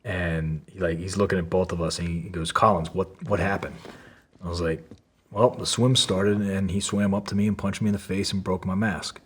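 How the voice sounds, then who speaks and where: Husky low-voiced man telling a story. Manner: profane, lots of fillers, acts out quotes. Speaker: podcast guest. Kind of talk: casual storytelling.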